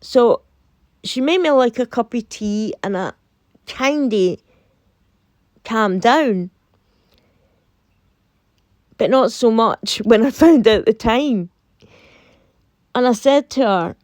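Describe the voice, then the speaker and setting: A woman's voice: a little high, dry recording, clean studio sound. A woman with a Scottish accent, casually telling a storytime tale and acting out both sides of a conversation. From Scotland. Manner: animated, quotes herself and her friend in dialogue.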